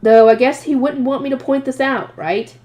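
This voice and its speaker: A woman reading a light novel aloud in first person, lively and expressive, voicing the narrator's asides. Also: high voice, moderate pace. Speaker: audiobook reader.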